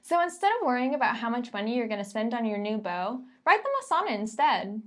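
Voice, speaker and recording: A woman's voice: fairly high pitch, big pitch swings, quick pace. A woman co-hosting a poetry lesson, explaining in a playful, scripted manner. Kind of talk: scripted educational banter.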